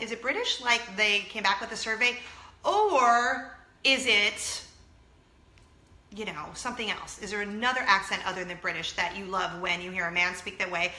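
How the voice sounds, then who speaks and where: Gushy lady vlogging, bright sharp voice in an echoey room. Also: on the high side. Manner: bubbly, gushing, talks to viewers directly. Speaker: vlog host. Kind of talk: chatty solo vlog.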